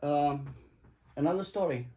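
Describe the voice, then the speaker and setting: A man's voice: fairly high pitch, a little slow, dark tone. A middle-aged father telling rambling, profane stories to his family at the dinner table. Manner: rambling, profane, jokey anecdotes. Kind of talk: casual storytelling at the dinner table.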